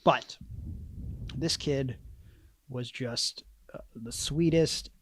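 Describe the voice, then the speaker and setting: A man's voice: mid-range voice, drawn-out words, no room sound, clean studio sound. A man co-hosting a podcast, telling rambling, self-mocking stories in casual chat. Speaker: podcast co-host.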